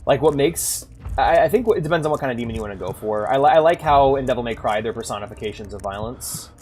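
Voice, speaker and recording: A man's voice: medium pitch, animated, fast talker, darkish tone, slight background noise. Young man, mid-range voice, casual streamer who rambles to his chat. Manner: rambling, talks to chat with many likes and restarts. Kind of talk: casual live-stream chat while gaming.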